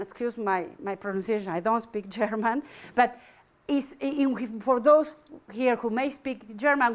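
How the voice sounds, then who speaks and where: A middle-aged woman delivers an academic lecture in a high voice. She talks hesitantly, stopping and restarting often and filling pauses as she works through her ideas. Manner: hesitant, many restarts and fillers.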